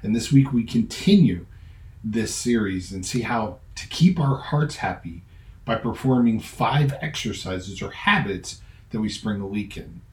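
A man's voice: lowish voice, lively intonation, a little slow, darkish tone. A man hosting a podcast, giving a conversational sermon that moves from a personal story into earnest teaching with emphatic repetition. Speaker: pastor and podcast host. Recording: roomy echo.

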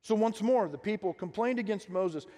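High-voiced man preaching in echoing hall. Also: normal speed. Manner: animated, acting out quotes and asking the congregation questions. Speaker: pastor. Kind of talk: sermon. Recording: long reverb of a large hall.

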